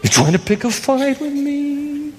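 A man voicing a panicky, self-absorbed ancient king, with frantic, high-pitched exclamations. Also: very animated, unhurried, a little mellow, a little hiss or hum, heavily acted. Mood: panicked. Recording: long hall reverb.

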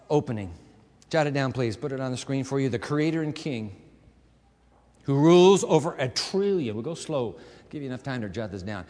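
A man preaching a sermon as pastor in a church, moving between quiet asides to the congregation and loud, emphatic passages. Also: medium pitch, in a large hall. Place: church sanctuary with a balcony.

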